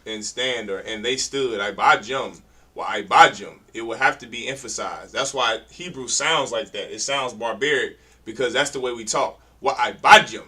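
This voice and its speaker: A man's voice: mid-range voice, normal speed, hardly any pauses, sharp tone, breathy edge, rough recording. A man teaching a class to read Hebrew, correcting students and stressing pronunciation in a colloquial way. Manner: emphatic, corrects readers, colloquial. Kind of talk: classroom instruction.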